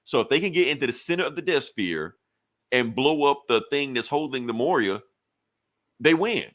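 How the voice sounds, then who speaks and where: A man casually reviewing a comic book, animated and acting out scenes with quick voices. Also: mid-range voice.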